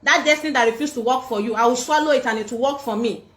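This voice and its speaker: Nigerian woman, high voice, defiant scolding livestream rant, echoey room. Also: quick pace, a bit bright. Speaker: livestream host.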